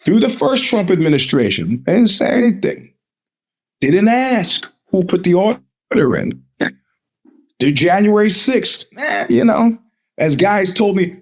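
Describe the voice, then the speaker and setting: A man with a fairly high voice hosts a live podcast from home. He rants in a combative, profane way. He laughs often and stumbles over his restarts. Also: big pitch swings, a little slow. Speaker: podcast host. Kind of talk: live-streamed casual monologue.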